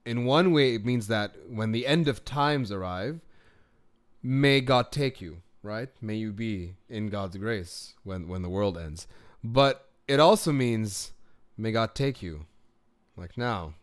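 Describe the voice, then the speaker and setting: A man's voice: on the low side, expressive, takes it slowly. A man who grew up in the Gulf, hosting a casual live stream from home. He answers comments, tells rambling stories and thinks aloud while solving a word puzzle, laughing often. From United Arab Emirates.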